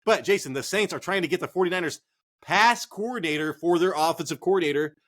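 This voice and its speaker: A man co-hosting a casual fantasy football chat, profane, excitable and rambling. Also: sits high, quick pace. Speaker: fantasy football podcast co-host.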